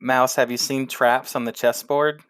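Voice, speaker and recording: Woman player, extremely low voice, dry close sound, earnest in-character speech. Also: flat delivery, measured pace, clean tone, dry recording. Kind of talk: playing a character in a tabletop game.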